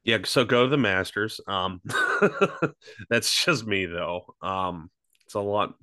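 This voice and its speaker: A man co-hosting a laid-back podcast, his voice sitting a little low. He meanders through his thoughts with plenty of ums, restarts and the odd curse word. The recording is close and dry, with no room sound. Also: slow, bright, forceful tone, dry recording. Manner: rambling, loose delivery with many fillers and restarts; swears freely. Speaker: podcast co-host. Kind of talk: casual chat.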